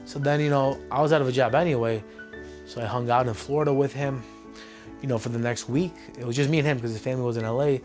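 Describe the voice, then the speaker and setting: A man recounts personal memories in a documentary interview, often quoting what others said. His pitch is ordinary and his speech loose. Music plays under the interview. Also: steady tone, fast, darkish tone. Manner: storytelling, retells dialogue, many fillers. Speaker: interviewee telling his story.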